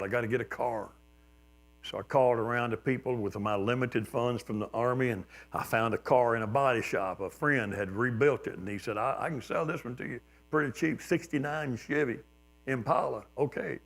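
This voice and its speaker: An older man preaching a sermon, telling folksy personal stories and acting out quotes, at times much louder. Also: medium pitch. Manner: folksy storytelling, acts out quotes with shifts in loudness. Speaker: pastor. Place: church sanctuary.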